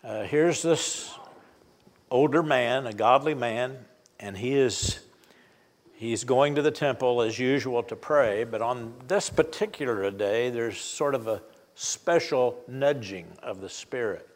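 An older man preaching a sermon, retelling a story in a folksy, halting way with many fillers and restarts. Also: medium pitch. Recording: long hall reverb.

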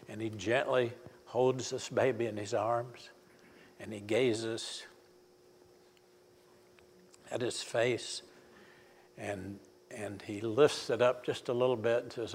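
An older man preaching a sermon, retelling a story in a folksy, halting way with many fillers and restarts. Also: fairly low pitch, fairly even intonation, slight background noise. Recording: long hall reverb.

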